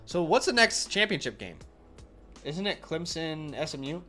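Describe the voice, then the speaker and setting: A man's voice: fairly high pitch, sing-song, moderate pace, bright, forceful tone, soft background music. Rambling man giving blunt fantasy picks. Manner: rambling, thinks aloud with fillers and restarts, blunt opinions. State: runny nose. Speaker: fantasy football host answering viewer questions. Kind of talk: casual live-stream chat.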